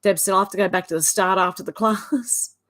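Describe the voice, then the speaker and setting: An Australian woman hosting a livestream, reading viewers' chat comments aloud with chatty asides and quick laughs. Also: mid-range voice, fairly even intonation, fairly bright tone. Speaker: livestream host.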